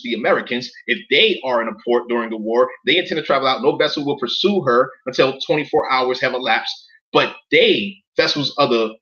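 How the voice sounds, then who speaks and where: Read it like a man going through documents for his viewers, bright and edgy. Stop often to question them in disbelief, swear casually, and let the recording sound muffled and lo-fi. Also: mid-range voice. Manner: incredulous, profane, keeps asking viewers questions. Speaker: commentator reading documents to viewers. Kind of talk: casual commentary reading documents aloud.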